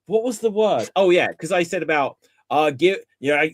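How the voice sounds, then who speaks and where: A man in casual chat on a geek podcast, telling animated stories and laughing at his own anecdotes. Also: fairly high pitch, a little fast, no room sound, clean studio sound. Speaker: podcast host.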